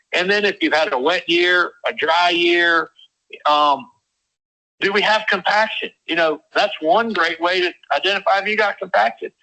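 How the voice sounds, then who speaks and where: A man's voice: fairly high pitch, pushed and bright, rough recording. A man giving a folksy webinar talk as a guest farmer. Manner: folksy, uses y'all.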